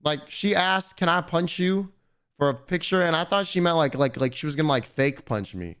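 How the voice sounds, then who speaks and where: A male streamer with a slightly higher-pitched voice tells a loose, rambling story to his viewers. He swears freely and stumbles through frequent restarts as he talks. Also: moderate pace, a bit bright, clean tone. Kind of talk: casual storytelling to chat.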